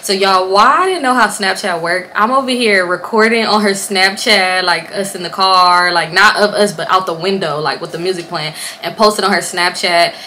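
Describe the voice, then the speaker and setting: A young woman chats straight to her camera at home, spinning a storytime in a casual, animated way. Her voice is bright and a little forceful, and she swears freely and acts out what everyone said. Faint background noise sits under her voice. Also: mid-range voice, moderate pace, few pauses. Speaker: vlogger. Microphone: camera or phone on a stand.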